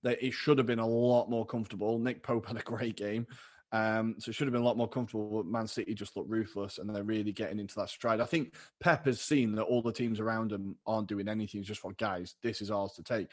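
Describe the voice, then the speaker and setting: A man's voice: lowish voice, steady tone, quick pace, a little mellow. A man co-hosting a podcast, chatting casually and upbeat about football and laughing easily. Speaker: podcast co-host.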